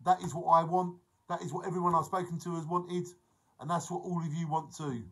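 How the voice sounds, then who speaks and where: A man's voice: on the high side, flat delivery, fairly quick, heavy background noise. A man, chatting casually and jokily on his live stream and greeting viewers by name. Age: 40s. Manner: chatty, jokey, reads out viewer names.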